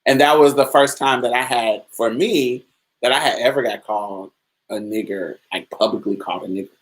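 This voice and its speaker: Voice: mid-range voice, moderate pace, low-quality recording. Candid podcast host telling stories. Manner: candid, storytelling, loose and colloquial. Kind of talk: casual podcast monologue answering chat.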